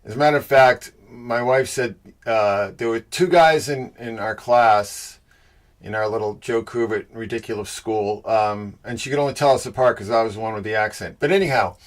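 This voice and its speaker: Upbeat livestream host with a Boston accent. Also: male voice, fairly low pitch, normal speed. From Boston area. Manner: greets chat viewers by name, upbeat. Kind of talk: casual livestream chat.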